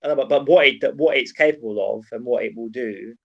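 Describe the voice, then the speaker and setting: A man's voice: medium pitch, brisk. A man co-hosting a podcast, musing earnestly on philosophy with frequent restarts. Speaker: podcast co-host. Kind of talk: casual philosophical chat. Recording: dull lo-fi mic.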